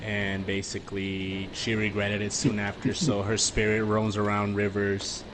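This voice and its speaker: A man's voice: fairly low pitch, unhurried, background noise. A young man from the US-Mexico border region, telling stories casually with lots of fillers and swearing. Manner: relaxed, swears freely, many fillers. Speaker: podcast guest. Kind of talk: casual storytelling chat.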